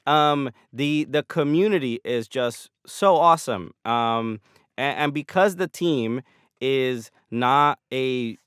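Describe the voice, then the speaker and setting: A man's voice: medium pitch, fairly bright tone, clean tone, dry recording, studio quality. An American man, a comedian and podcast guest, talking in a rambling casual way with lots of restarts and fillers. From United States.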